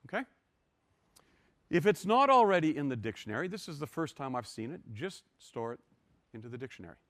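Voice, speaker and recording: A man's voice: on the high side, sing-song, brisk, a bit bright, no echo. Older male lecturer, dry close mic, wry and self-deprecating, explains code step by step. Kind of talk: university lecture.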